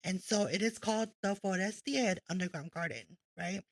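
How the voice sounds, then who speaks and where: Husky-voiced woman podcast host. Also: medium pitch, moderate pace, no room sound, low-quality recording. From Fresno, California. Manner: chatty, laughs often, stumbles on names. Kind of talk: casual podcast chat, reading history notes.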